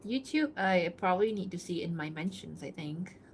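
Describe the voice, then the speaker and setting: A woman livestreaming while she draws, casually reading out and answering chat, chatty and quick to giggle, thinking aloud with fillers. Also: fairly low pitch, animated, a little hiss or hum. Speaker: livestreaming artist.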